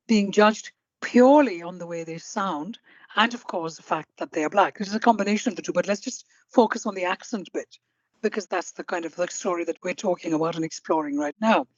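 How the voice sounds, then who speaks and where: Measured woman hosting a podcast. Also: lowish voice, no room sound, dull audio. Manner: measured, deliberate, summarizing. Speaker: podcast host. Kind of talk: interview podcast.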